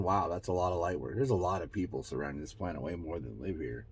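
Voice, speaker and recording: A man's voice: fast talker, few pauses, husky. A man hosting his own show, musing aloud in a rambling, self-mocking way, trailing off and restarting as he relays channeled messages. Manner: pitch and loudness swing widely, from bright bursts to low mutters. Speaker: host. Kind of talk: casual spiritual channeling monologue.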